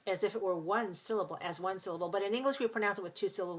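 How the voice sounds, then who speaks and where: A woman teaching English pronunciation in a live class, patiently explaining sounds step by step and repeating words slowly. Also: medium pitch, a bit bright.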